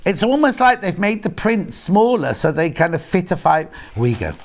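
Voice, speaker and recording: Guy hosting a shopping channel, kinda high voice, bouncy and jokey. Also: very animated, moderate pace, hardly any pauses. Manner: chatty and jokey, laughing easily. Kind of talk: live shopping channel chat.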